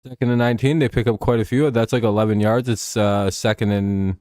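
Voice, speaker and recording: Casting: man, low voice, tired live-stream host, loose and joking, dry close sound. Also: steady tone, a little fast, darkish tone, dry recording. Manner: rambling, joking, swearing, sleepy. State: tired and yawning. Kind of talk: casual game watch-along commentary.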